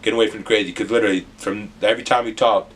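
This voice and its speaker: A young man from the US Midwest, telling a rambling, animated storytime with some swearing. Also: on the low side, racing, slight background noise. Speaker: vlogger. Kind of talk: casual storytime.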